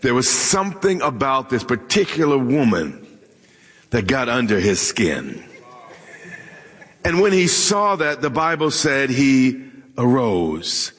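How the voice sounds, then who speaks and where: A man's voice: mid-range voice, big pitch swings, slow, fairly bright tone, slightly rough. A man preaching a sermon, joking with and asking questions of his congregation. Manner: humorous, talks directly to the congregation. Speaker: pastor. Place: church hall with live audience. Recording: long hall reverb.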